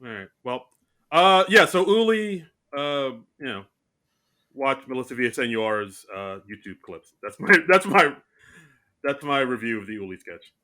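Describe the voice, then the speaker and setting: A man co-hosting a podcast in casual chat, animated and self-mocking, talking in quick bursts with many restarts. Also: medium pitch. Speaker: podcast co-host.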